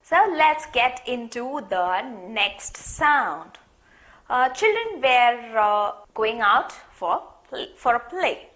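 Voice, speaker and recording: A young woman teaching a phonics course, telling a story slowly and acting out the letter sounds. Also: a little high, soft background music. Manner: slow, lively storytelling with sound demonstrations.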